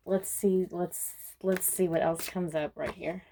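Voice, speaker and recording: Slow, musing woman reading tarot cards. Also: lowish voice, level tone, slight background noise. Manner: unhurried and musing, with frequent soft laughs. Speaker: tarot card reader. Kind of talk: casual spoken tarot reading.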